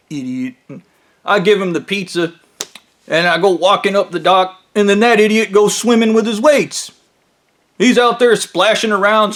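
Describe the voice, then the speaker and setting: A storyteller comedian with a fairly high, fairly bright voice tells a crude story in an off-the-cuff, comic way. He's blunt and profane, mocking the people in his story at every turn.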